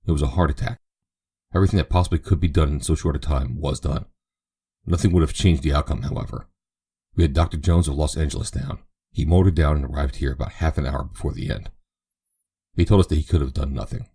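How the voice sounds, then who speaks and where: A man reading the part of a calm older colonel in a grave, measured way. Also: very deep voice, husky, heavily acted. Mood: somber.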